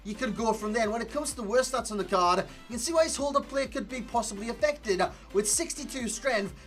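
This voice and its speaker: A Geordie man runs through a gameplay review in a casual, rambling way. He loops back on his own phrases and pokes fun at his slip-ups. Faint music plays softly behind his voice. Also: very high voice. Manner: chatty and rambling, repeats phrases, jokes at himself. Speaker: video game player reviewer. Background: faint background music.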